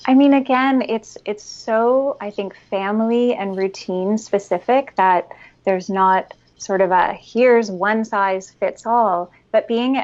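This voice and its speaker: A woman giving expert parenting advice as a podcast guest, calm and instructive, at times guiding a breathing exercise. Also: mid-range voice, lo-fi sound. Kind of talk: explanatory interview talk.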